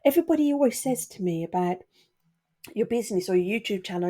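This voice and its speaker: A woman's voice: medium pitch, expressive, quick pace, mellow. Earnest, emotional woman talking to camera. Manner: earnest, emotional, talks straight to viewers. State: emotional, sniffly. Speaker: YouTuber. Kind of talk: candid talk to camera.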